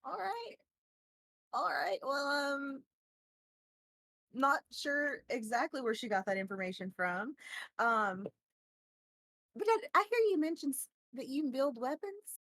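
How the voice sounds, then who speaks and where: Woman doing a southern belle, polite but dry brush-off, highish voice, dry close sound. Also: big pitch swings, measured pace, vocal fry, long pauses, a bit bright, dry recording, exaggerated voice. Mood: wary. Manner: polite, drily brushing him off.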